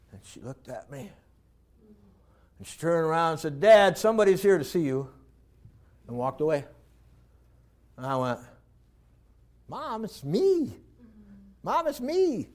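A high-voiced man preaching a folksy sermon, drifting from soft and reflective to loud and animated. His voice is lighter than most men's, and he talks like he's telling stories from his own life to a congregation. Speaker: pastor.

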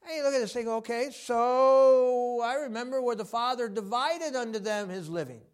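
A man preaches a sermon in a high, light voice. He talks with lots of fillers and acts out the voices of the people he quotes, swinging between loud and soft. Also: normal speed, clear, resonant tone.

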